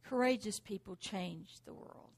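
A woman's voice: mid-range voice, a little slow, vocal fry, a little mellow, slightly rough. A middle-aged woman preaching a sermon, driving points home with rhetorical questions and repeated exhortations.

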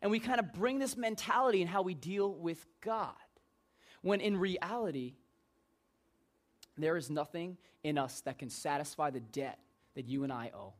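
A man's voice: fairly high pitch, normal speed. A man preaching an informal sermon in a joking, conversational way.

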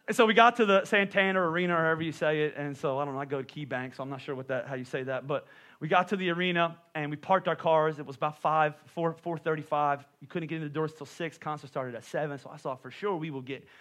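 A middle-aged male pastor preaching a sermon, telling stories with lively asides to the congregation. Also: on the high side. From Pennsylvania. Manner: animated storytelling with asides to the congregation.

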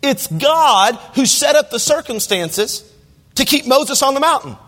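High-voiced pastor preaching in a reverberant hall. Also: male voice, very animated, unhurried, fairly bright tone. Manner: conversational, asks the listeners direct questions; reads scripture aloud in King James wording. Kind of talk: sermon. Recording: long reverb of a large hall.

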